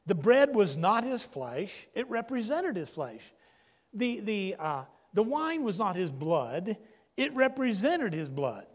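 Older male pastor, high animated voice, emphatic pausing delivery, long hall echo. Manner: emphatic preaching with dramatic pauses. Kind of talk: sermon.

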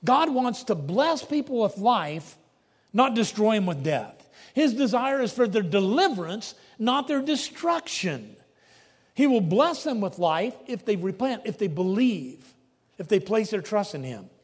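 A man preaching a sermon, emphatic, swinging between loud declarations and hushed asides. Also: sits high, sing-song, measured pace, husky. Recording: long reverb of a large hall.

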